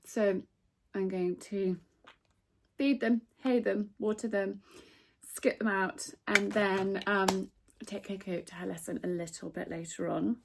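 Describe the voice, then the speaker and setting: A woman chatting warmly in a casual vlog, emotional at times. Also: mid-range voice, steady tone, gravelly, slight background noise. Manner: chatty and emotional, fast asides. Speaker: vlogger. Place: stable yard and home, indoors and out.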